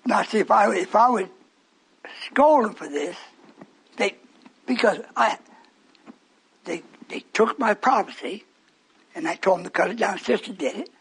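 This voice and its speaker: An older male preacher gives a fervent, rambling radio sermon to a church congregation, wandering into stories and asides. His very high voice is husky and breathy, expressive, fairly bright, a little slow and full of pauses.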